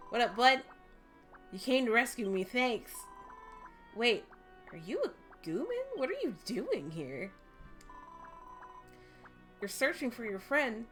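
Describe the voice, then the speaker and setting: A bubbly little slime creature chatters along sweetly, as a woman reads it out over faint game music. The voice sits a touch high and stays friendly and apologetic. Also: big pitch swings, slow pace, pauses often.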